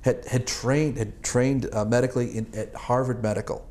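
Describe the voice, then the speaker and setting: A man's voice: medium pitch, steady tone, normal speed, a little mellow. A man in his sixties from Boston, an Army veteran recalling his service in an oral history interview, rambling and chuckling with many fillers and restarts. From Boston, United States.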